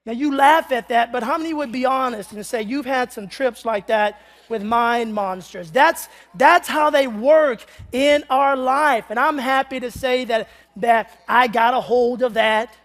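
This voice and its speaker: A man preaching a humorous sermon, telling a comic story with animated delivery and sudden shouts. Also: extremely high pitch, measured pace. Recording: long reverb of a large hall.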